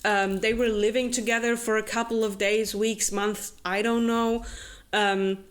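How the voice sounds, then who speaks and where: A young woman hosts a casual book club chat and recaps a fantasy novel with sarcastic asides. She talks animatedly and fills her pauses with fillers. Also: a little high, little pitch movement.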